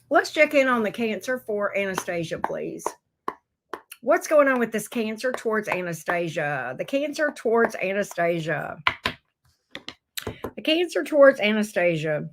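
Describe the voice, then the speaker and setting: A woman's voice: medium pitch, background noise. A woman, chatting casually while she gives tarot readings on a livestream, loose and joking. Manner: chatty and loose, laughs and swears, talks to chat and her pets.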